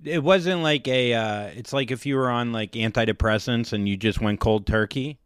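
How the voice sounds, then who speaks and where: A man's voice: medium pitch, normal speed, clean tone, dry recording, studio quality. Joking young male podcast host. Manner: joking, rambling, many fillers. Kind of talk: casual chat.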